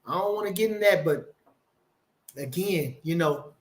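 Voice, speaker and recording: An older man with a fairly high voice and lively intonation hosts a casual boxing live stream at an unhurried pace. He rambles, speaks emphatically, swears freely, and reads viewer comments out loud.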